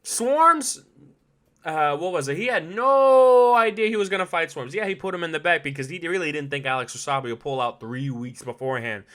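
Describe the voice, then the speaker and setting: A man's voice: on the high side, fairly quick. A man hosting a podcast, talking casually on his own with lots of swearing, slang and frequent laughter. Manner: animated, profane, slangy, laughs often. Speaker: podcast host. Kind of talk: casual solo commentary.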